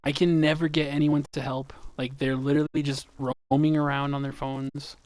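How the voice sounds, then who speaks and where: A man's voice: on the high side, flat delivery, moderate pace, darkish tone. A man streaming a game, chatting casually in a rambling, profane, joking way. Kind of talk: casual chat while gaming.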